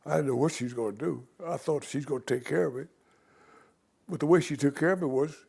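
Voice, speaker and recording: Gravelly, husky older man telling stories. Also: a little high, a little mellow. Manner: unhurried, reflective storytelling with small restarts. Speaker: interview guest. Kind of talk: storytelling in conversation.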